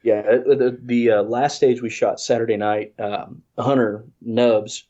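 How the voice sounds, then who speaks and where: A man's voice: fairly low pitch, flat delivery, moderate pace, hardly any pauses, darkish tone. A congested man telling a rambling, self-deprecating story in casual chat, full of restarts. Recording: dull lo-fi audio.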